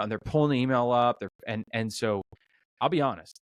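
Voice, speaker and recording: A middle-aged restaurant owner telling a story in a conversational interview, animated, acting out the dialogue, with many fillers and restarts. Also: male voice, mid-range voice, a little fast, no echo. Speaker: restaurant owner, podcast guest.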